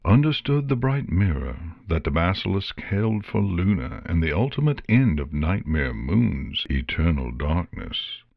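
A man reading a story aloud in a measured, expressive way. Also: low-pitched, creaky, no echo, studio quality. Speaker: narrator. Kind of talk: storybook narration.

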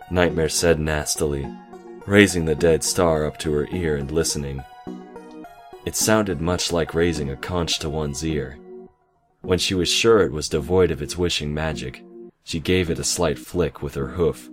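A man calmly reading a fantasy story aloud in measured narration, over background music. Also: a bass voice. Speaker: story reader.

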